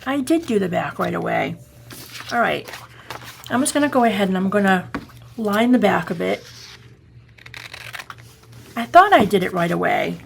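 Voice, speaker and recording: Gravelly Boston woman teaching crafts. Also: medium pitch, big pitch swings, moderate pace, long pauses, a little hiss or hum. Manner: chatty, rambling, self-correcting, often checking the viewer follows. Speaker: craft tutorial host. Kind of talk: casual step-by-step crafting tutorial.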